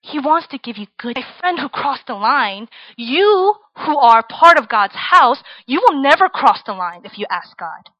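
In a muffled recording without echo, a young female preacher from Virginia talks casually to students. Her high voice is very animated yet unhurried, with few pauses. She's chatty and keeps tagging her points with "right?" and "like."

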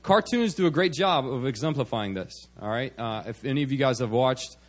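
A man's voice: medium pitch, lively intonation, fairly quick. A man preaching a sermon at a church service, speaking conversationally and often checking in with "okay" and "all right".

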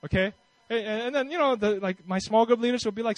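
A male pastor giving a conversational, animated sermon with casual asides and self-deprecating humor. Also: sits high, fairly quick, dry recording, poor audio.

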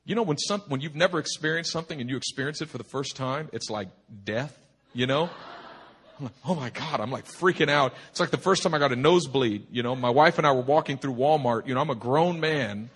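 A man preaching at a church retreat, telling a humorous personal story in an animated, rambling way full of restarts. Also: medium pitch, brisk, slightly rough. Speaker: pastor. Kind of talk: sermon storytelling. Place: retreat meeting hall.

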